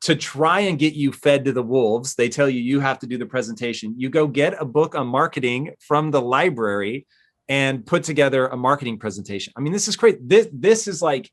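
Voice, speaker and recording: A man's voice: medium pitch, expressive, fairly quick. A man hosting an interview and responding with emphatic enthusiasm to his guest's story. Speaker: podcast host. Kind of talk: interview conversation.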